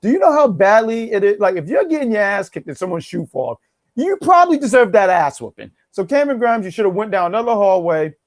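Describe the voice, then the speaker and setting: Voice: mid-range voice, very animated, quick pace, no echo, studio quality. A co-host of a wrestling review show in casual chat, joking around, ranting and laughing often.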